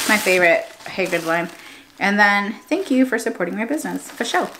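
A young woman chatting casually in a vlog, slangy and animated, often trailing off and restarting. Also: mid-range voice, brisk, noisy background. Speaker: vlogger. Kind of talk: casual chat.

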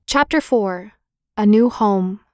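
Clear, expressive woman narrating a children's book. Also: mid-range voice, takes it slowly, no echo, clean studio sound. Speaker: audiobook narrator.

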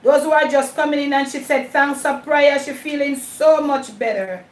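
A woman's voice: high-pitched, fairly even intonation, normal speed, echoey room, distant mic, rough recording. A Jamaican woman hosting her cooking channel live, chatting casually with viewers in a mix of patois and English while she cooks. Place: home kitchen.

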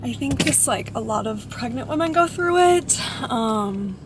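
A young woman talks casually to a phone camera while driving, with a slightly raised pitch. She is chatty, fills her speech with "like" and laughs at herself. Clear road noise from the moving car sits under her voice. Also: lively intonation, a little slow. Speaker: vlogger. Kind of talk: casual vlog chat.

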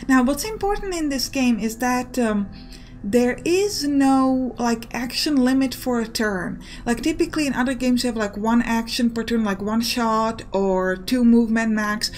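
Quick-talking young woman explaining a game. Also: on the high side, darkish tone. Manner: quick, explanatory, filler-heavy talk. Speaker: let's play host. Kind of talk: gameplay commentary. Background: faint game music.

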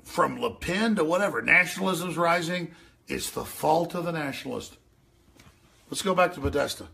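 A man hosting a radio show, ranting over news clips, excitable and yelling, with mocking impressions. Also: fairly high pitch, normal speed, slight background noise. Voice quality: gravelly, raspy.

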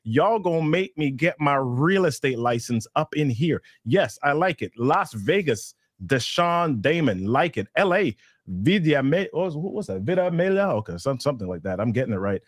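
Upbeat male host, animated delivery, dry and close. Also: fairly high pitch, moderate pace, no room sound. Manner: lively, playful, fumbles names. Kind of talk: live show hosting, reading chat.

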